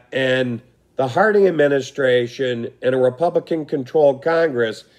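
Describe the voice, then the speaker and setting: A man teaching a recorded history lesson, his voice going hoarse, talking in a relaxed way with frequent fillers and throat clearing. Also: mid-range voice.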